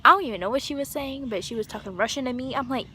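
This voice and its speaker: Excitable high-voiced young woman outdoors. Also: rapid-fire. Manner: excitable, gasping and giggly, drops to whispers. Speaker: vlogger. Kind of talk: casual vlog chatter. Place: backyard outdoors. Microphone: handheld phone. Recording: noisy outdoor phone recording. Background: outdoor ambience with animals.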